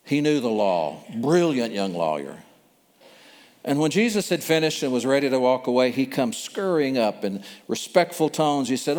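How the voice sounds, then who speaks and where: A man's voice: medium pitch, very animated, moderate pace, darkish tone. A man preaching a sermon, telling the story vividly and repeating phrases for emphasis. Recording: long hall reverb.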